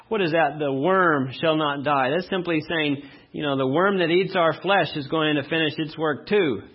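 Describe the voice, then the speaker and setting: Husky pastor preaching a sermon. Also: male voice, on the high side, dull audio. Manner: reads verses slowly and loudly, then drops to a quiet aside.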